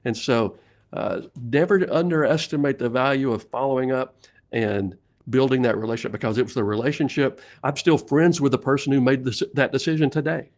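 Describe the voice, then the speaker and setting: A middle-aged man with a Southern US accent tells sales stories in a relaxed interview. He laughs often and restarts his sentences as he talks. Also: medium pitch, fairly quick. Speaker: sales leadership coach and guest. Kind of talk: casual storytelling interview.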